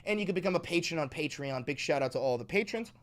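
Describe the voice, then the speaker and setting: Thirtyish guy ranting on his stream, swears a lot, kinda high voice. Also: lively intonation, fast. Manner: profane, emphatic, ranting. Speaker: political commentary streamer. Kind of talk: casual reaction stream.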